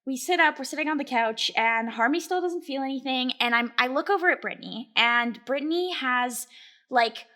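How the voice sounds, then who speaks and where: A young woman co-hosting a podcast, telling a wild story in a casual, animated way, laughing often and swearing freely. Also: high-pitched, brisk. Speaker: podcast co-host.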